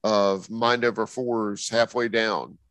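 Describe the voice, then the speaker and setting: A man's voice: lowish voice, steady tone, slow pace, fairly bright tone, no echo, poor audio. A man co-hosting a music show in casual talk, joking and teasing with slangy phrasing. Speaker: radio show co-host.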